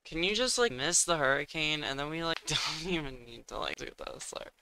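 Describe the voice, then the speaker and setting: A man's voice: fairly high pitch, expressive, normal speed, vocal fry, pushed and bright, a little hiss or hum. A young man giving casual commentary while he plays a competitive game, thinking aloud and muttering, with sudden exasperated outbursts. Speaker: gaming streamer.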